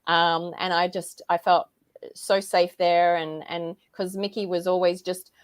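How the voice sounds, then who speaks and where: A woman's voice: fairly low pitch, level tone, measured pace, smooth, no echo. Emotional woman in her fifties telling a story. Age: 50s. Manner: emotional, storytelling, laughs often. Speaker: guest. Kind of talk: casual chat.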